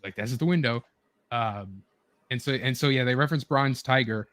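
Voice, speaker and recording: A man of middle pitch chats with friends in a loose, rambling way, stacking fillers and false starts as he piles on details. His voice sits close to the mic with a dry, roomless sound. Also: moderate pace, fairly bright tone, no echo. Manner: rambling, filler-heavy, eager retelling. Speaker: show host. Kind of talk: casual chat with friends.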